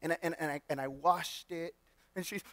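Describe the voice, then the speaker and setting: Man, pastor, church sermon, high voice, animated storytelling, restarts sentences, dry close sound. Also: a little fast, no echo. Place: church sanctuary.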